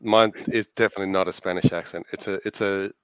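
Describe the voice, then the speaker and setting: A man's voice: low voice, steady tone, quick pace, fairly bright tone, smooth, no echo. An Australian man co-hosting a podcast, explaining facts from his notes in casual chat and laughing easily. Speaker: podcast co-host.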